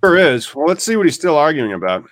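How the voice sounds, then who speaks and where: A man's voice: on the high side, big pitch swings, fast, no room sound. A man hosting a live podcast, talking casually and rambling with many fillers. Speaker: podcast host.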